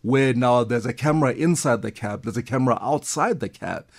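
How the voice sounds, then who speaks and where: A man's voice: medium pitch, a little fast. A man, a guest expert explaining things enthusiastically in a conversational interview. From South Africa.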